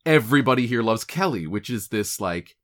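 A man's voice: medium pitch, lively intonation, brisk, fairly bright tone. A man co-hosting a podcast, chatting casually in a playful, wry way. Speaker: podcast co-host. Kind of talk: casual chat.

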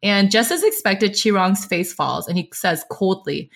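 A woman co-hosting a book podcast, blunt and expressive, swearing casually while chatting and reading a novel aloud. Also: mid-range voice, a little slow, few pauses. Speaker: podcast co-host.

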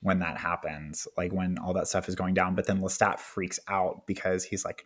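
A man co-hosting a podcast in casual film chat. His voice sits fairly low, and his delivery is wry and profane, with easy laughter. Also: little pitch movement, moderate pace, few pauses. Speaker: podcast co-host.

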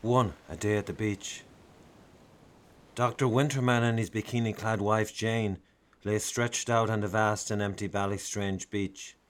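Give me a man telling a comic tale, theatrical and slightly low-pitched. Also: steady tone, measured pace. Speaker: narrator. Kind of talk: storytelling narration.

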